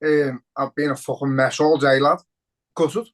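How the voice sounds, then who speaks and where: Male co-host, Liverpool accent, emotional, sweary, mid pitch. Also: little pitch movement, measured pace, poor audio. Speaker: podcast co-host. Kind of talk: casual podcast chat.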